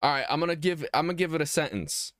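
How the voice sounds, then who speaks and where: A man from Massachusetts hosting a word game on a casual podcast, with a slightly high voice that moves up and down a lot. He fills gaps with quick strings of "yeah". The sound is dry and close. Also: animated, fairly bright tone, dry recording. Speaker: podcast co-host running the game.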